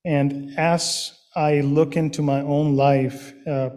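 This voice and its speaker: A man preaching a sermon in a slow, earnest way, pausing with fillers and restarting his phrases. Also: fairly high pitch, flat delivery, darkish tone.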